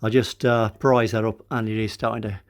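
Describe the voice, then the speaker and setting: This car restoration vlogger is an older man with a fairly low, flat voice, vocal fry, and a fairly quick pace. Out of breath in his casual workshop vlog, he narrates his own car repair, chatting to his viewers as "guys" with plenty of "uh" fillers.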